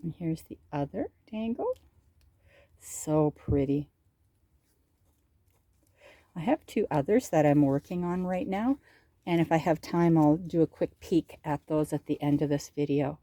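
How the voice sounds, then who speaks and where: A middle-aged woman vlogger talks slowly through her handmade crafts, gushing over each detail. Her voice sits low and mellow. The sound is close and dry. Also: dry recording. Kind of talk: casual show-and-tell.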